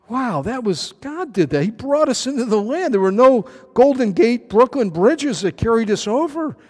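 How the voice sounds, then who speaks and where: A man preaching a verse-by-verse Bible sermon in a chatty way, with many fillers and restarts, acting out quoted voices with big jumps in pitch. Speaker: pastor. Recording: long hall reverb.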